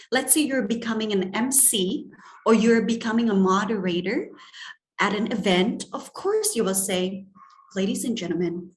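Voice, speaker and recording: A woman's voice: medium pitch, roomy sound. A woman from Indonesia, giving a lecture on speaking skills and shifting her tone to demonstrate examples. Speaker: etiquette trainer and guest lecturer.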